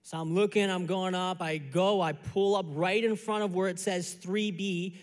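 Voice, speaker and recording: A male pastor preaching a sermon, telling a story in a lively conversational way that builds to a lesson. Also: sits high, normal speed, big-room sound. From Chicago area. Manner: animated, conversational storytelling with repeated phrases. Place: church sanctuary.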